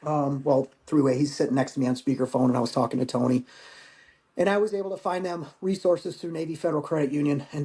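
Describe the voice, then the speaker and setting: A man in his forties, a veteran guest on a podcast, recounting a personal war story in a halting, emotional way with rough language. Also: mid-range voice, a little mellow.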